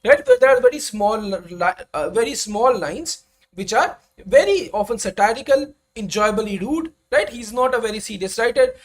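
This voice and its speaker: A young woman gives a live online lecture. Her voice sits fairly high and moves animatedly up and down. She keeps checking on her listeners with a quick "right?". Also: big pitch swings. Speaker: exam-prep lecturer.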